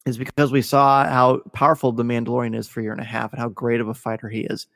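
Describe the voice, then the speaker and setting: Podcast host, male, eager gushing storyteller, mid-pitched, close and dry with a long reverb tail. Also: level tone, fast, vocal fry, a bit bright. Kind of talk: casual podcast discussion.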